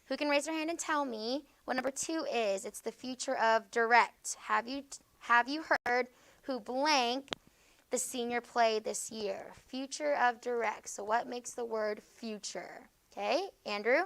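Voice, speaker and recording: A woman leads a grammar class, her voice bright and crisp and a little high for a woman. She checks in with "okay?" after almost every point and slows down to stress each example phrase. The sound is dry and close, with no room echo. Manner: frequent checking "okay?" with students; slow, stressed reading of example words. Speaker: teacher.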